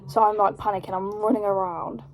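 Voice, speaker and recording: A young British woman telling a story in a casual vlog, rambling and animated, with lots of fillers. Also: medium pitch, a little fast. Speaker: vlogger.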